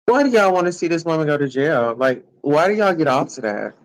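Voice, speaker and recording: Ranting brashly and sassily to his live-stream audience, this man curses throughout and stretches his taunts into a teasing sing-song. His voice is a bit high, his delivery animated and brisk, and the recording is rough.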